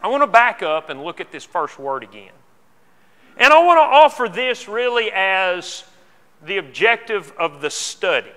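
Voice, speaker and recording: Bright-voiced preacher man in a reverberant church. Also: high voice, big pitch swings, moderate pace. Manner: earnest, repeats words when restarting. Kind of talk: sermon. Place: church auditorium. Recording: long hall reverb.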